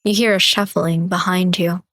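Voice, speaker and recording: Low, flat-voiced woman narrating horror. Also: no echo. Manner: steady, measured, dramatic narration. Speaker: game streamer. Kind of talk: reading a horror visual novel aloud.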